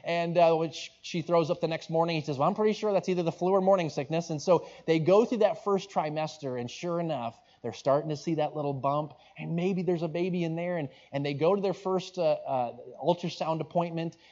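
A man's voice: a little high, normal speed, few pauses, a little mellow. A man preaching, telling a story in a conversational, rambling way with restarts and asides. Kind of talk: sermon storytelling. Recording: dull lo-fi recording.

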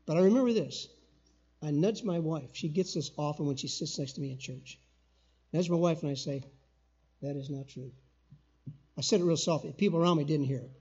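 Older man preaching a sermon, husky. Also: a little high, fast, muffled recording. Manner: emphatic, rising to loud call-and-response. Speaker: guest preacher. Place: church sanctuary.

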